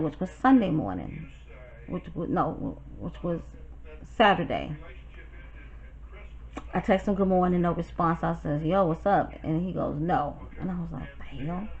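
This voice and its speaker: A woman's voice: on the low side, highs cut off. Blunt, profane woman from New York. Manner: blunt, profane, animated retelling. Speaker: YouTuber. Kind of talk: storytime vlog.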